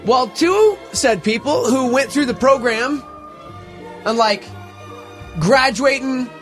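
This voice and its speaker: A man hosting a morning radio show, telling a story in an animated, casual way. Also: faint music behind. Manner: animated, fast storytelling with big pitch jumps. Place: radio studio.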